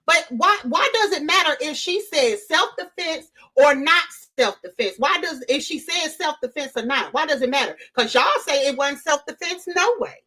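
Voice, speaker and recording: A woman hosting a casual live-stream, talking straight to her chat in an animated way and repeating her points for emphasis. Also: high-pitched, normal speed, few pauses. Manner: animated, repeats herself, addresses chat directly. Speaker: livestream host.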